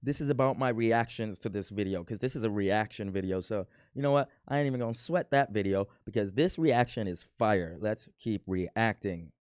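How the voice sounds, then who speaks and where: A man's voice: lowish voice, moderate pace, few pauses, a little mellow, dry recording, studio quality. A man casually commenting on his own old home video, joking and playfully boasting about himself. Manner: self-mocking, playfully boastful. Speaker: reaction video host.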